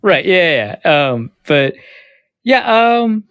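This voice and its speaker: A man's voice: sits high, very animated, slow, a bit bright, smooth, dry recording, clean studio sound. A man co-hosting a podcast in casual, playful banter, laughing often. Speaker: podcast co-host. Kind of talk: casual comedic chat.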